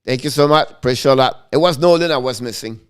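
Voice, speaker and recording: On a casual live hockey stream, a middle-aged host talks quickly and excitedly in a clean, mid-range voice, repeatedly restarting his sentences and correcting himself.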